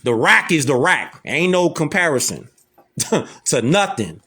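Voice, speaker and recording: A husky, bright, forceful voice, a little high and sing-song, belongs to a man with a Chicago accent. He rambles casually in slang at a measured pace, frequently dropping "you know what I'm saying," as a social media talker.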